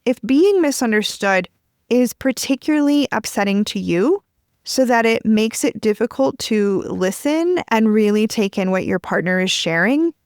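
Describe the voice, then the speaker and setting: Podcast host, woman, gentle and measured advice delivery, dry close studio sound. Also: on the high side, no echo. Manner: gentle, measured, acts out example phrases. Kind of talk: calm advice monologue.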